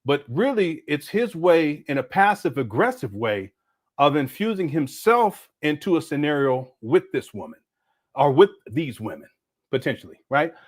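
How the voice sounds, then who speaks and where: A man's voice: a little high, sing-song, moderate pace. A middle-aged man hosting a livestream, reacting to a clip with frequent laughter and chatting to viewers. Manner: laughs a lot, talks to chat viewers. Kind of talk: casual reaction commentary.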